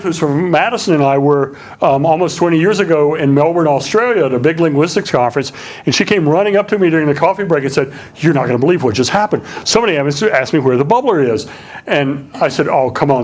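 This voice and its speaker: A middle-aged man giving a relaxed public lecture, full of ums and questions for the audience. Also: fairly high pitch. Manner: relaxed, many fillers, asks the audience questions.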